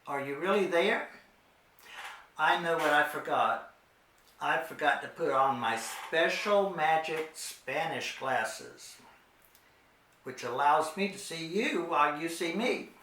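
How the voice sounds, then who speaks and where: A patient middle-aged man leads a children's Spanish lesson, speaking extremely slowly and repeating every word. His voice sits slightly high. The recording has a noticeably echoey room sound. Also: lively intonation, pushed and bright, slight background noise. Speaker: Spanish teacher. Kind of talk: slow children's language lesson.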